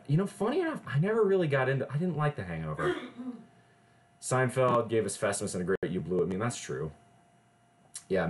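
A man, chatting casually and joking with viewers on a livestream. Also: mid-range voice. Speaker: livestream fitness host.

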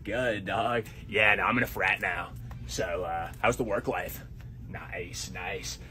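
A man voicing a cocky male college frat bro with a slow, slangy drawl. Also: low voice, steady tone, sharp tone, pitched below the performer's own voice, full character voice. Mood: laid-back.

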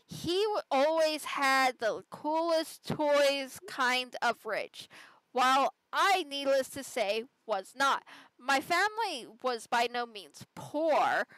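A woman reads an online story aloud for a podcast, chatting through it and adding her own asides. Her voice sits high and she takes her time with each line. The sound is close and dry, with no room around her. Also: fairly bright tone, dry recording, rough recording. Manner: conversational storytelling with side comments. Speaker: podcast host. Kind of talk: reading a Reddit story aloud.

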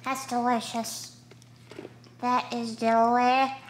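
A high, childlike voice gives an excitable young terrier his say, put on by a woman. He drawls slowly and gushes over every treat. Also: noisy background. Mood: gushing. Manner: gushing, chatty about treats. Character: excitable young male terrier dog, greedy chewer.

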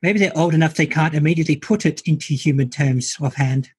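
Raspy woman musing in casual chat. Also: low-pitched, fairly quick, a little mellow, no echo. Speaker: podcast co-host.

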